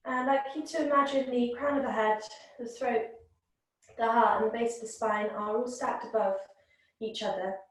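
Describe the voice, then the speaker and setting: A woman teaching a yoga class, guiding the breath in a calm, gentle, unhurried way. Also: a little high. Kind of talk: guided yoga and breathing instruction. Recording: very echoey room, voice from a distance.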